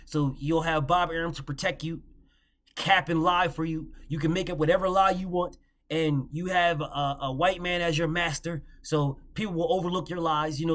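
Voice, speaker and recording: A man's voice: fairly high pitch, fairly bright tone. A man hosting a casual boxing opinion monologue, blunt and profane, mocking his critics and getting heated with frequent restarts. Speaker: boxing commentary host.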